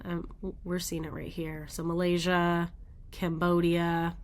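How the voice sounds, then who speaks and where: Woman, weather show host, low-pitched voice, slow unhurried pace, casual rambling, thinks aloud. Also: flat delivery. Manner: rambling, thinks aloud while looking at maps.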